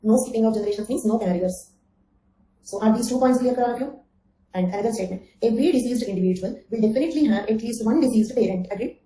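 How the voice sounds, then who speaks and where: A woman's voice: a little high, quick pace, warm tone, roomy sound, slight background noise, poor audio. A woman giving an online exam-coaching lecture, repeating key phrases, checking with "okay?" and calling on students by name. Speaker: anthropology teacher.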